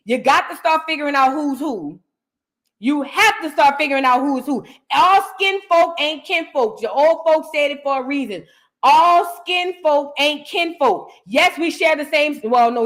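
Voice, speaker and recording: A woman's voice: high voice, fairly bright tone. Fired-up American woman host ranting. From United States. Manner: confrontational, repeats lines for emphasis. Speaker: reaction show host. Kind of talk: heated commentary on viewer comments.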